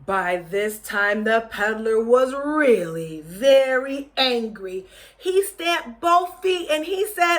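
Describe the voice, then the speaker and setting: A woman teacher reading a picture book aloud to children, gently encouraging them to join in with movements. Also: a little high, lively intonation. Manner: slow, gentle, encouraging, leading children in actions.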